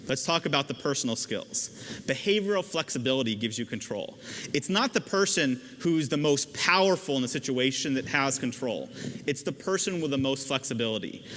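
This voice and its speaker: A man in his thirties giving an energetic, casual talk on stage, acting out quoted voices and using slang. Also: a little high, a little hiss or hum. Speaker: speaker giving a talk on persuasion. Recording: reverberant hall, faint ambience.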